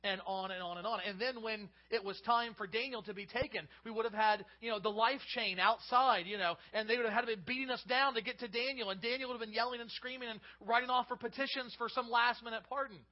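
A high-voiced male pastor preaching a sermon, reading scripture and then unpacking it with animated asides. The recording is slightly dull and lo-fi. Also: fast talker, hardly any pauses.

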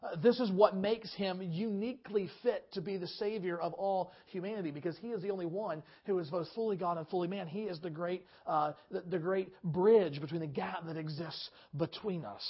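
High-voiced man preaching a sermon. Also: a little fast, hardly any pauses, breathy edge. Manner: earnest, frequent fillers and restarts. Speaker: pastor. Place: church service. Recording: dull lo-fi sermon recording.

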